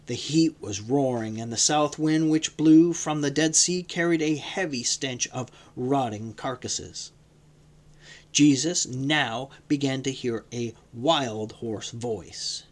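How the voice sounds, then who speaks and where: A man reading a novel aloud in a measured, dramatic narration. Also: mid-range voice. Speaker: audiobook reader. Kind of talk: scripted narration.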